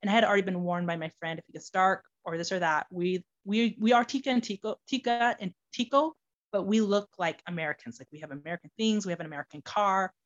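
A woman telling her personal story as an interview guest, animated and full of fillers like "like". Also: mid-range voice, fast talker, lo-fi sound. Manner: animated, many fillers such as "like".

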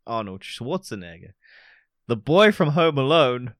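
A man's voice: mid-range voice, big pitch swings, dry recording, studio quality. A man co-hosting a podcast, playfully reading out quiz questions and silly answer choices. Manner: playful, jokey, reads options with comic pauses. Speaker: podcast co-host, quizmaster.

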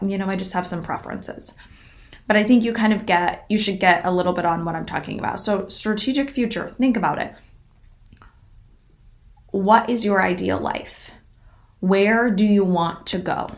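A young adult woman hosting a casual motivational solo podcast. She talks in a chatty, upbeat and encouraging way, with frequent fillers and the odd swear word. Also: medium pitch. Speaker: podcast host.

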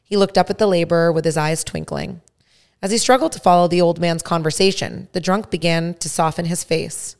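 A woman hosting a podcast reads a first-person story aloud at a measured pace. Her voice is low, with a gravelly fry running through it. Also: steady tone, a little mellow. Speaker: podcast host. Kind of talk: story reading.

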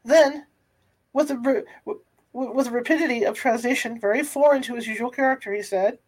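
A woman's voice: on the high side, a little mellow, low-quality recording. Woman reading a classic story aloud. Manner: unhurried, with small stumbles and restarts. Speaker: reader.

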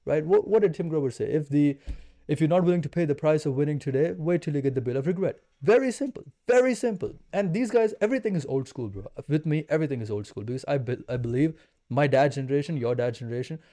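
A man's voice: a little high, animated, fast talker, mellow. A man in his twenties, a podcast guest, talking in an intense, emphatic, slangy way. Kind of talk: casual chat.

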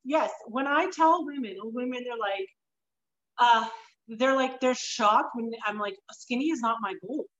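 A high-pitched woman host talking loosely and bluntly, cursing as she rambles through her asides. Her voice comes over an online call, and the sound is dull and lo-fi. It rings in an echoey room. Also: unhurried. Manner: animated, blunt, swears freely, rambling asides. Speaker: podcast host. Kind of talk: casual interview chat.

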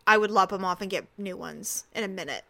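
A woman's voice: medium pitch, brisk, gravelly, a bit bright. A woman co-hosting a casual chat, blunt and emphatic in her opinions. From Mexican heritage. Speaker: podcast co-host.

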